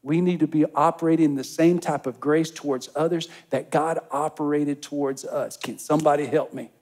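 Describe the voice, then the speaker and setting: Emphatic preaching man, pitch leaping up. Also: fairly even intonation, normal speed, darkish tone. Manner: preaching with rising emphatic bursts; addresses the congregation directly. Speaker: pastor. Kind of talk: sermon.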